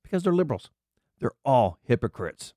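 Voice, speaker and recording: A man's voice: medium pitch, very animated, normal speed, dark tone, no echo, clean studio sound. A man hosting an angry political commentary, reading out items and mocking them with indignant rants. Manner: indignant ranting, reads out items and mocks them. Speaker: commentary channel host.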